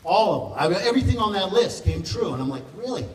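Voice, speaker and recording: A man's voice: high voice, big pitch swings, fast talker. A man giving a rambling, joking thank-you speech at an event, chuckling often and close to tears. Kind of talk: emotional off-the-cuff speech. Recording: echoey hall from far off, noisy room.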